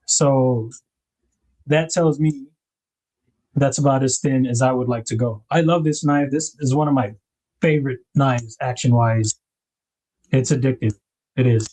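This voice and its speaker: Laid-back man, mellow voice. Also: mid-range voice, fairly even intonation, a little slow, long pauses. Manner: rambling, laid-back, greets viewers in chat by name. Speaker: livestream host and knife designer. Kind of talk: casual livestream chat.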